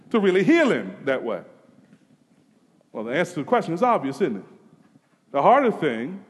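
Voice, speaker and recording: Male preacher, sermon delivery, dynamic from quiet to fervent, high-pitched, long hall reverb. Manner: dramatic swings from hushed to emphatic, rising to near-shouts. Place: church sanctuary.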